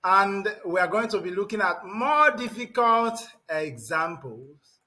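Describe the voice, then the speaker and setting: A man teaching English pronunciation to a class, repeating words slowly and emphatically and calling on students by name. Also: high voice, lively intonation, pushed and bright. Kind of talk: classroom lesson.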